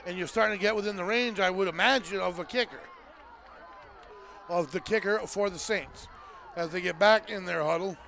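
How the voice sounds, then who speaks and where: A man calling a high school football game live as play-by-play announcer, often shouting with excitement over the plays. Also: moderate pace, creaky. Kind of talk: live sports commentary.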